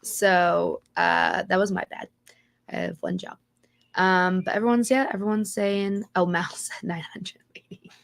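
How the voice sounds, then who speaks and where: A woman co-hosting a live podcast, her voice slightly hoarse as it recovers, casually reading out greetings from the chat. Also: fairly low pitch, steady tone, unhurried. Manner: reads chat names aloud with repeated greetings and laughs. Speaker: podcast co-host.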